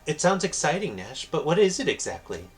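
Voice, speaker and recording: A man's voice: on the high side, very animated, a little fast, soft background music, voice pushed up. A man doing a sweet, gushing young woman. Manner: soft, gushing.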